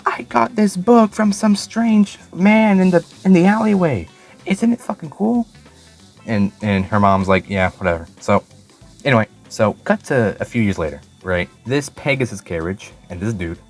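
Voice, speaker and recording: Low-voiced man in a rambling, profane recap. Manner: rambling, stumbles over words, swears freely. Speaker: anime reviewer. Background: faint background music.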